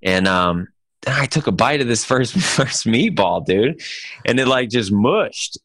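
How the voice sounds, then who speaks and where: A man co-hosting a podcast in casual chat, an animated, joking storyteller who keeps saying "dude". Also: medium pitch, a little slow, no echo. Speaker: podcast co-host.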